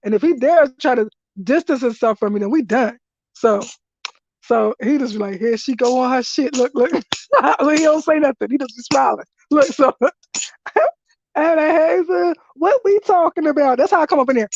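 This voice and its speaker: High-pitched woman ranting and laughing on her stream, blunt and cussing, muffled dry audio. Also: normal speed, no echo. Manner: animated, blunt and profane, laughs often. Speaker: live stream host. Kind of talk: casual profane storytelling. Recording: dull lo-fi dry sound.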